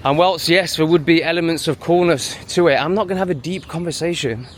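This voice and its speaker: A man's voice: on the high side, a little fast, a little hiss or hum. A man talking in a walking vlog, dismissive and sneering, out on a busy street. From England. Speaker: vlogger.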